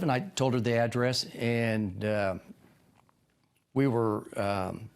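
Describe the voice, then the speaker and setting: A man in his sixties, a podcast guest, tells a rambling personal story in a casual interview and acts out quoted lines in a sudden higher voice. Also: slow, clear, resonant tone. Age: 60s.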